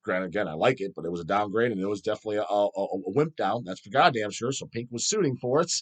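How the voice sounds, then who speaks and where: A man's voice: lowish voice, fast talker, breathy edge. A middle-aged man hosting a solo vlog, ranting heatedly and profanely. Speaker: channel host.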